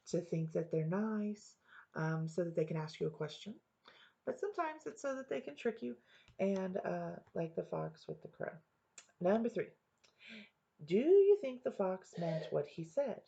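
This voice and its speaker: Husky, gravelly woman teacher. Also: medium pitch, warm tone. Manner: patient, explains step by step, often says "all right". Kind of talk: reading lesson for young students. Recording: dull lo-fi home recording.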